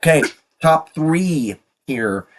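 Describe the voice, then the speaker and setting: A man's voice: fairly high pitch, animated, takes it slowly, a little hiss or hum. Sniffly man in his fifties. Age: 50s. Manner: rambling, trailing off. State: sniffly from a cold. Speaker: music reviewer. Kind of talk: casual album countdown.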